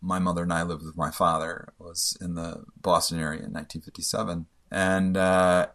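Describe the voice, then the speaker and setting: A man telling a personal story in a halting, emotional way, often stumbling and repeating himself. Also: sits low, level tone, fairly bright tone.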